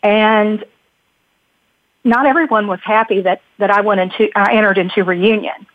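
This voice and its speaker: A woman, a guest and birth mother, telling a personal story in a halting way, with frequent restarts. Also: mid-range voice, steady tone, no echo. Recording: dry tinny phone-like line.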